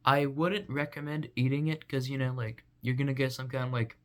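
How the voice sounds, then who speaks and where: A man's voice: medium pitch, steady tone, a little fast. A young man vlogging in a rambling, goofy casual monologue full of fillers.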